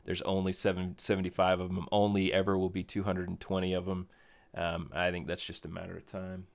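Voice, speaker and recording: A man's voice: low-pitched, monotone, fairly quick, gravelly. A man co-hosting a live stream in casual chat, rambling and correcting himself, often chuckling. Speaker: co-host of a crypto game stream.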